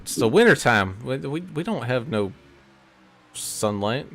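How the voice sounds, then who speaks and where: A man from New England calling play-by-play on a sim race, chatty and quick. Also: medium pitch, sing-song, faint music behind. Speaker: sim racing play-by-play commentator.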